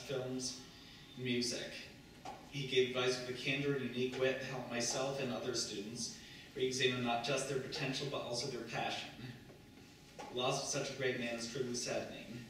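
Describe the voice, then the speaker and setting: A man's voice: mid-range voice, flat delivery. A man reading a formal, prepared tribute to his late professor at a memorial. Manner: measured, formal. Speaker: student tribute speaker. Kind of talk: read prepared tribute speech. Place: memorial gathering in a large room. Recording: echoey room, distant mic, noise.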